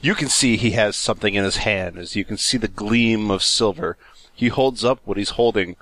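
A man's voice: on the low side, a bit bright, dry recording. Man stumbling through a comic reading. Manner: reads haltingly, stopping to mock typos. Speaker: podcast co-host reading aloud. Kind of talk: comedic reading of amateur fiction.

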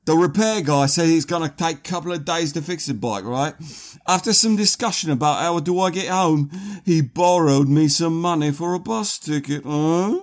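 A man's voice: a little high, moderate pace. A man on a comedy podcast reading a story aloud in a playful, exaggerated put-on accent. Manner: playful, exaggerated sing-song delivery. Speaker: podcast co-host.

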